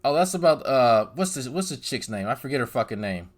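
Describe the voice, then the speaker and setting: A man's voice: mid-range voice, big pitch swings, brisk. A man narrating a commentary video in a sarcastic, mocking tone. He repeats words over and over for effect and drops profanity in his asides. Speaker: commentary YouTuber.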